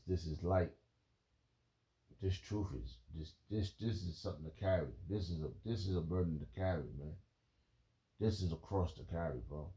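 A man in a rambling spiritual monologue, emotional and halting, peppering his talk with "man" and "bro". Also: low voice, mellow. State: emotional, holding back tears.

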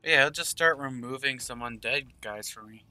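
A man's voice: medium pitch, moderate pace, bright, forceful tone, soft background music. A man giving casual gameplay commentary, thinking aloud and murmuring game text as he plays. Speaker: gaming channel host.

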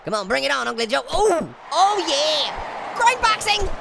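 Commenting on a comedic VR boxing game, a performer fully voices a hyper, cheeky male cartoon orange, high, sing-song and creaky at a moderate pace. He's gleefully taunting, giggling and wisecracking with constant cackles, over a very noisy recording.

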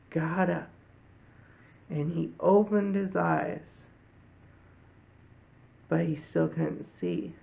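Man teaching a kids' Bible lesson, slow, gravelly, tinny phone-like audio. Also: sits high. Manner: slow, gentle storytelling addressed to kids. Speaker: children's church host.

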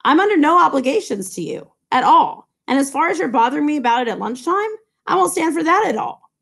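A woman's voice: high-pitched, very animated, fast, gravelly, fairly bright tone, pitched above the performer's own voice, heavily acted. A woman voicing a wealthy, brash man who is irritated on the telephone, with an indignant, raised voice. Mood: annoyed.

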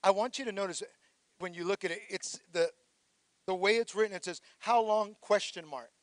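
High-voiced preaching pastor, close and dry. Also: male voice, normal speed, dry recording. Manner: preaching, swells to shouted calls for praise; drops low and quiet for reflective passages. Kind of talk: sermon.

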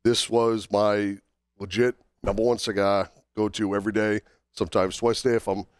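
A man with a lowish, smooth voice, talking casually while under the weather from a cold. He stops often to fill gaps as he works through a list. The sound is dry and close. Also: level tone, no room sound. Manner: halting, many fillers and restarts while listing. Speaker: podcast co-host. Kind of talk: casual podcast chat.

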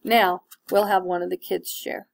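A woman's voice: lowish voice, little pitch movement, moderate pace, gravelly. Woman teacher reading a novel aloud. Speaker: fifth-grade teacher.

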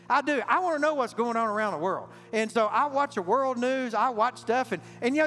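High-voiced preacher in an echoing church. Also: male voice, expressive, a little fast, few pauses, fairly bright tone. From Southern US. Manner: emphatic, calls out to the congregation. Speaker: pastor. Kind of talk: sermon. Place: large church sanctuary. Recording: reverberant church hall, faint music.

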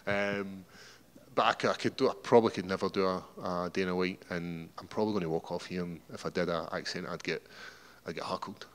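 A man's voice: sits low, fairly even intonation, brisk, a bit bright. A man with a Scottish accent, a fighter at a media day interview, rambling and repeating words as he talks. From Scotland. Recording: echoey hall.

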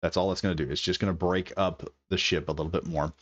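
A man's voice: low voice, steady tone, quick pace, no echo, muffled recording. A man giving casual, enthusiastic gameplay commentary, thinking aloud as he builds. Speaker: gaming video creator.

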